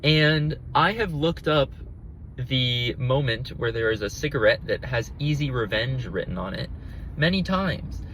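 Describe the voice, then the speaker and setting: A man's voice: mid-range voice, expressive, measured pace, fairly bright tone, low-quality recording. A man hosting a solo podcast from inside a car, chatting casually and earnestly with lots of fillers and restarts. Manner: rambling, with many fillers and restarts; earnest and enthusiastic. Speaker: podcast host. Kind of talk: casual solo chat while driving. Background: faint road noise.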